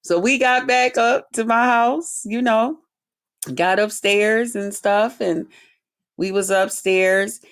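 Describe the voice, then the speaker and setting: A woman vlogger telling a personal story straight to her viewers in a blunt, profane, animated way. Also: fairly high pitch, slow pace. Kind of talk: casual storytime monologue to viewers.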